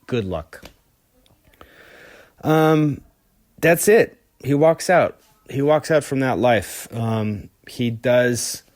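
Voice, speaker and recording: In a dry, studio-quality recording, a podcast host tells a rock story in a mid-range, somewhat dark, clean voice. His delivery is loose and casual, full of fillers and restarts, with an occasional curse.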